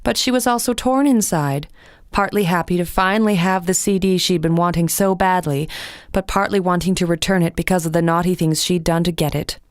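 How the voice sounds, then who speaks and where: A woman narrating a children's audiobook in a clear, expressive storytelling voice. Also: lowish voice, fairly quick, dry recording, clean studio sound.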